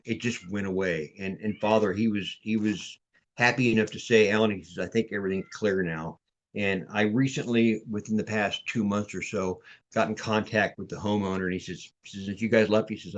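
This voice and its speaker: Podcast guest, man, mid-pitched, casual and rambling, repeats and restarts, on a video call. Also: muffled recording. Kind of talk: casual storytelling chat.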